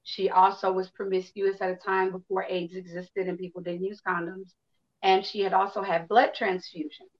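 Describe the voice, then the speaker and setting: This woman, in her fifties and from Chicago, speaks at normal speed in a mid-range voice through dull audio. Candid and animated, she tells listeners a personal story, voicing the quotes and swearing without restraint.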